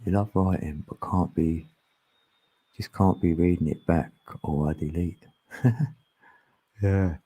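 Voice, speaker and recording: A man's voice: deep voice, fairly even intonation, slow, pauses often, warm tone, slightly rough. A man talking casually and ramblingly as a channel host, often laughing. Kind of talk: casual spiritual chat. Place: long live stream.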